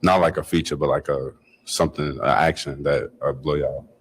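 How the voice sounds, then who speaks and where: A man's voice: extremely low pitch, fairly even intonation, moderate pace, breathy edge. A man in his twenties from Chicago, a dating show contestant who talks hesitantly with many fillers. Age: 20s.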